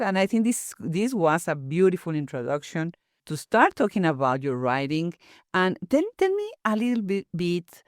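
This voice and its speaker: A woman's voice: low-pitched, no room sound, studio quality. A woman host from Mexico, asking an author interview questions and mixing in phrases. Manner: warm affirming interjections, switches to Spanish. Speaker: podcast host.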